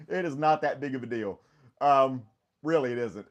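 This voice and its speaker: A man's voice: mid-range voice, a little fast. A middle-aged man hosting a casual live stream chat, talking in a rambling, easygoing way and laughing often as he reads viewer comments.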